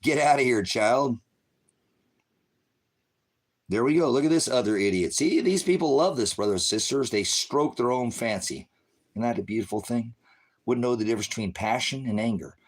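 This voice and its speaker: A man's voice: medium pitch, expressive, brisk. A middle-aged man ranting on a livestream in a confrontational, sarcastic, preachy way, trading insults with viewers and calling them brothers and sisters. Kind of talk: heated livestream rant to viewers.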